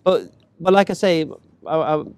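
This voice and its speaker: A man telling a personal story in casual chat, animated and acting out the voices of others. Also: a little high, normal speed, no room sound. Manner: animated, acts out quoted voices, laughs while talking.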